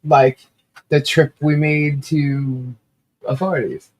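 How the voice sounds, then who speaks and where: A woman's voice: deep voice, steady tone, takes it slowly, a little mellow. Woman, livestream co-host, chatty, rambling, laughs often, slight cough. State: coughing, throat a bit rough. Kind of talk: casual livestream chat.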